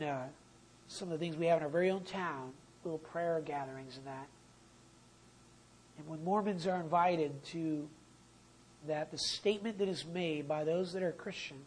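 A preacher giving a sermon in a church, pitched in an ordinary middle range. The delivery is emphatic, stretching out and repeating the key phrases so they land. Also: a little mellow, a little hiss or hum, rough recording.

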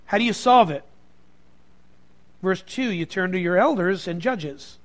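A man preaching a sermon to a congregation, moving from quiet reflection to loud, emphatic passages. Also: sits high, animated, a little slow. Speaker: pastor.

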